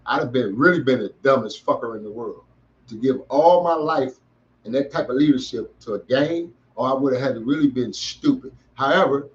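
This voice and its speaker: A man's voice: mid-range voice, highs cut off, slight background noise. A middle-aged man hosting a podcast, giving an emphatic motivational talk to young listeners in heavy street slang. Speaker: podcast host.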